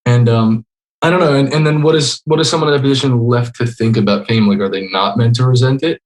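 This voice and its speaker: A young man in his twenties with a mid-range voice recounts a story on a video call. His telling is animated and loose, with his sentences scattered with "like.". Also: medium pitch, fast talker. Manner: animated storyteller, frequent "like" fillers. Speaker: guest. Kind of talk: casual video-call conversation.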